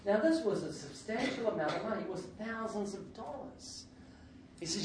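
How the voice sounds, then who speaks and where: A man preaching a sermon with lots of jokes and his own laughter, breaking into sudden loud outbursts. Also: high voice, lively intonation, normal speed. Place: church hall. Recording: echoey hall, distant mic, faint noise.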